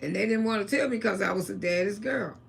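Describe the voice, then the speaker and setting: Quick-paced, with vocal fry at a medium pitch, a woman from Florida, USA hosts a casual livestream. She tells salty, blunt family stories and brings up God along the way.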